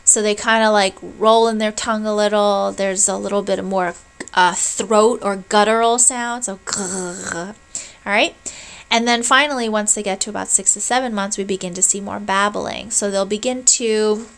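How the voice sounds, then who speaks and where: A woman's voice: medium pitch, steady tone, moderate pace, vocal fry, a bit bright, clear, resonant tone, low-quality recording. Woman giving a recorded lecture. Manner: explanatory, checks in with "right?" and "okay?"; demonstrates baby sounds aloud.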